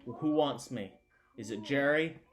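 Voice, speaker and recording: A man's voice: mid-range voice, measured pace, natural voice. A man doing a mildly quavering passenger. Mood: nervous. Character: mild-mannered male passenger, nervous.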